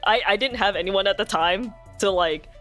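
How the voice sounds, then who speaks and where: A woman's voice: mid-range voice, normal speed, a bit bright, faint music behind. A woman streamer chatting casually, blunt and profane, often laughing through her stories.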